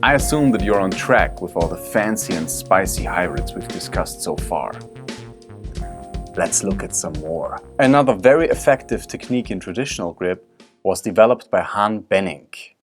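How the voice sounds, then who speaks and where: A man's voice: low-pitched, animated, moderate pace. A man teaching a drum technique lesson, explaining step by step while he demonstrates. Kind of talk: instructional video lesson. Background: drum strokes and music.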